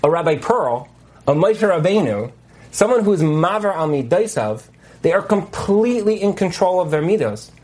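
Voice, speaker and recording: A man teaching as a marriage coach in a lecture over a video call, telling stories with lively asides and many fillers. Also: sits high, normal speed. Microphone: video call mic.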